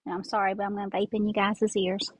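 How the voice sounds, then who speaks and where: On a poor-quality earbud mic recording, a woman with a Southern accent talks quickly and huskily at medium pitch, barely moving her pitch. As a craft host she chats casually and rambles through the tutorial while making something by hand, sounding slightly congested from sinus trouble.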